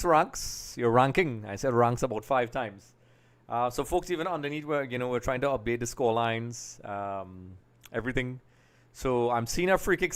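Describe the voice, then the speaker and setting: A man hosting a live football watch-along, chatting to viewers and getting excited at every chance. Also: medium pitch. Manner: chatty, keeps addressing viewers as folks, gets excited at chances. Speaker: live stream host.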